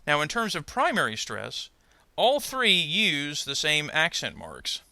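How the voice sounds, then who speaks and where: Gravelly, bright-toned man teaching pronunciation. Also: on the high side, huge pitch swings, dry recording. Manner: measured, explanatory, careful. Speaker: adult ESL pronunciation teacher. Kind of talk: instructional narration.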